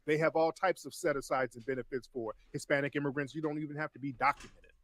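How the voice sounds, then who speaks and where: Interview guy talking fast and pushing his point hard. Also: a little high, fairly even intonation, a bit bright, no echo. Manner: fast, insistent, argumentative. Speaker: interview guest.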